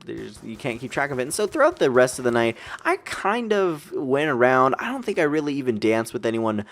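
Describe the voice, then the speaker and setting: A young man casually telling a long party story, rambling and swearing, jumping up in pitch when he acts out quotes. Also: sing-song, fairly quick. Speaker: storytelling vlogger.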